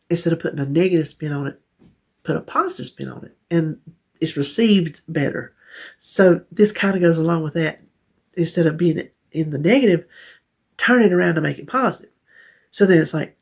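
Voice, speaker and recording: A woman's voice: low-pitched, fairly quick, husky. A woman chatting casually to her viewers, self-deprecating and talkative. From North Carolina. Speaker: vlogger. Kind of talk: casual chat to camera.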